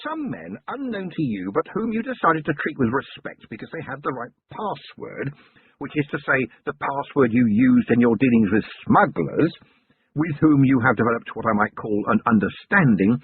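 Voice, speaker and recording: A man's voice: mid-range voice, slightly rough, exaggerated voice. A man reading the part of a stern male police commander with a dry, commanding manner. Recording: tinny lo-fi recording.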